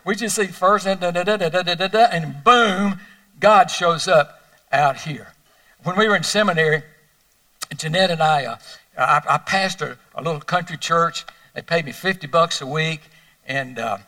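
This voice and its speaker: An older man preaching a sermon, telling folksy personal stories that swing between loud emphasis and hushed moments. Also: a little high, distant mic, low-quality recording. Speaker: pastor.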